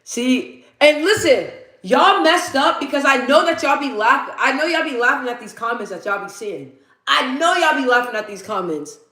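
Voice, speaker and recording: A woman's voice: high-pitched, animated, moderate pace, sharp tone. A young woman hosting a casual livestream, laughing often and chatting with her viewers as she reads the chat. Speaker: livestream host. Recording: echoey room.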